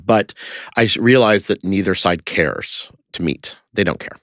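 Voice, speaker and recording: A man's voice: low-pitched, a little slow, a bit bright, no echo, studio quality. A man talking casually as a podcast guest, telling stories in a rambling way with lots of fillers and restarts. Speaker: interview guest, creator of a street-question video project.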